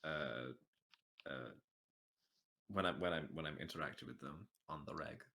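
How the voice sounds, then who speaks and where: A man co-hosting a casual podcast, joking around in halting, rambling bursts full of restarts. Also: a bass voice, gravelly, sharp tone, slight background noise. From Australia. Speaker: podcast co-host.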